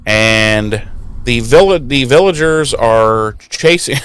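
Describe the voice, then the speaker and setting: Here a male podcast co-host walks through an episode recap, cursing casually and voicing the characters himself with animated flair. His medium-pitched voice is smooth, and he takes things slowly.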